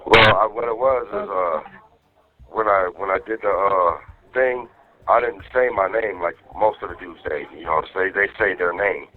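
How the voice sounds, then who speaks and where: A man's voice: low voice, moderate pace. A man on a phone call to his wife, telling stories in a loose, profane way and acting out what other people said. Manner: profane, animated storytelling, acting out others' lines. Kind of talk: casual phone chat. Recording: tinny phone line.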